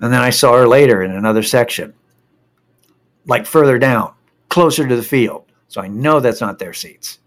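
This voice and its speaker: A man's voice: medium pitch, normal speed. Profane man telling a heated story. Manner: profane, animated, worked-up retelling. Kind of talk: casual anecdote telling.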